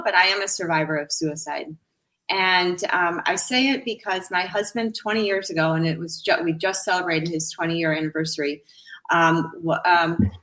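A middle-aged woman telling her own story as a radio interview guest, halting often with fillers and restarts. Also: on the low side, a bit bright, rough recording. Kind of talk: personal account in a radio interview.

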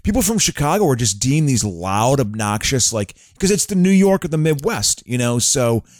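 A man co-hosting a casual chat, rambling through baseball memories and trivia with animated enthusiasm. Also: medium pitch, normal speed, no room sound, clean studio sound. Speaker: podcast co-host.

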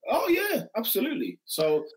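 A man, hoarse after losing his voice, hosting a casual football chat with emphatic, repeated phrases. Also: sits high, normal speed, poor audio. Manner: animated, interjecting, emphatic repetitions. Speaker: podcast host.

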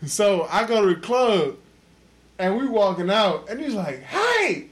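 A man hosting a casual podcast, loudly telling a drunk, profane story full of laughter. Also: high-pitched, lively intonation, unhurried. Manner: loud, profane, laughing, acts out quotes. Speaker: podcast host.

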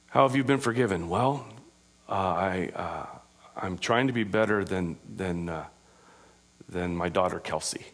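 A pastor with a low voice and measured pace preaches a sermon, switching between raised, emphatic proclaiming and quiet, conversational asides. His manner is informal, with frequent fillers.

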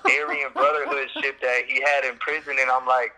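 A man's voice: mid-range voice, little pitch movement, brisk, sharp tone, low-quality recording. A man from Chicago, a musician guest, telling a story in a loose, laid-back way with lots of fillers and swearing. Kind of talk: casual storytelling interview.

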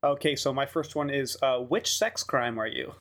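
A man's voice: medium pitch, normal speed, a bit bright. A man co-hosting a podcast in casual chat, joking around and laughing often. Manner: joking, laughs a lot, loose filler-heavy talk. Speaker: podcast co-host.

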